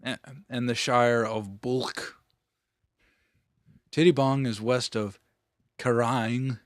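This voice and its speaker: Slow-talking giggly man, dry close mic. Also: medium pitch, dry recording. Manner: joking, giggly, slow drawl. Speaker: podcast co-host. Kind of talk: casual comedic chat.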